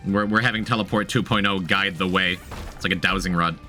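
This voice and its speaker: A man's voice: low-pitched, steady tone, brisk, sharp tone, soft background music. A man streaming a game, chatting casually, thinking aloud, repeating himself and talking to his chat. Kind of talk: casual gameplay commentary.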